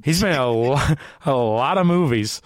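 A man's voice: mid-range voice, expressive, moderate pace, dry recording, clean studio sound. A man hosting a comedy show in casual chat, teasing and laughing often. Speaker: host.

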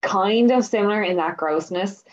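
A woman's voice: medium pitch, normal speed, dull audio. A woman co-host chatting casually and reacting with short interjections. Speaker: podcast co-host. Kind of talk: casual chat.

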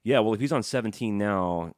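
A man's voice: lowish voice, dry recording, studio quality. A man co-hosting a podcast, joking around and reading listener emails in casual chat. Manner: jokey, fast, banter-heavy. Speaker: podcast co-host.

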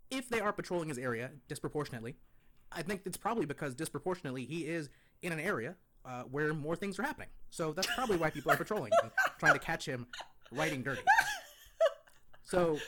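A man's voice: a little high, pitched above the performer's own voice. A man doing a smug lecturing pundit. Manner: lecturing, condescending, deadpan. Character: condescending pompous male conservative pundit. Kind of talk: comic impression on a podcast.

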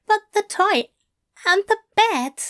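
Aziraphale, a woman voicing a high fussy male angel. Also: animated, takes it slowly, fairly bright tone, heavily acted. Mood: flustered. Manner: flustered, hesitant.

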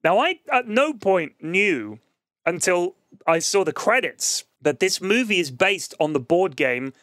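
High-pitched guy ranting about a dumb movie, dry mic, acts out scenes. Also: very animated, measured pace, fairly bright tone, no room sound. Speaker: podcast host. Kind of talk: casual chat.

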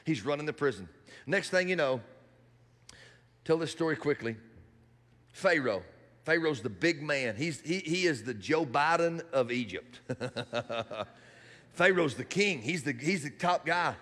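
A man preaching a sermon in a church hall, animated and building to shouts. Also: on the high side, a little slow, long pauses.

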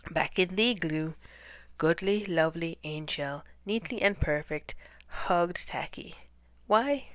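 A woman reading a children's picture book aloud in an expressive way, dropping into dramatic whispers. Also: low-pitched, a little slow, dry recording. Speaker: storyteller.

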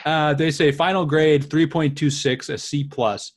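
A man co-hosting a beer podcast over a video call, chatty and quick to laugh as he reads reviews aloud. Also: a little high, steady tone. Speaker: podcast co-host. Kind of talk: casual chat.

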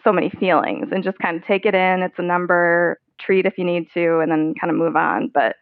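A woman's voice: lowish voice, steady tone, a little fast, dry recording. Woman, podcast guest, candid and chatty, dry tinny phone line sound. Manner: candid, chatty, laughs often, many "like" fillers. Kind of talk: conversational interview.

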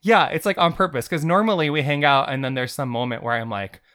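A man's voice: fairly high pitch, expressive, fast, fairly bright tone. A man hosting a podcast, introducing his guests and chatting in a casual, filler-heavy way. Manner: chatty, with many likes and ums. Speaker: podcast host.

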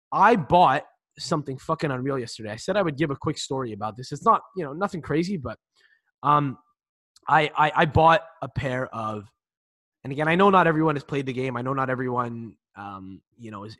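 A man in his twenties chats loosely as a podcast co-host, stumbling over restarts and swearing freely. His voice sits at an ordinary pitch, and the recording sounds dry and close, with no room behind it. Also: bright, forceful tone, dry recording. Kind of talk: casual chat.

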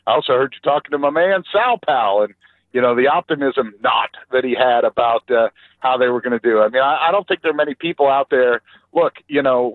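A man's voice: mid-range voice, no echo. A man calling in as a regular guest on a sports radio show, talking bluntly and emphatically in rambling runs. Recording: phone-line call-in.

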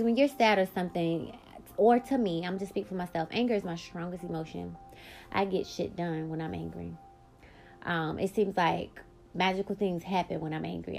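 Gravelly-voiced woman podcaster, blunt and profane. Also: fairly low pitch, a little mellow. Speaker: podcast host. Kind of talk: candid personal storytelling.

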